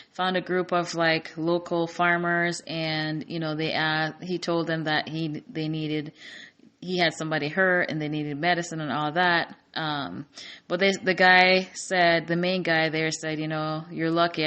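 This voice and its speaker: A movie reviewer with a lowish, fairly bright voice casually recaps the plot of a war film. She's chatty, full of fillers and restarts, and keeps dropping in emotional asides.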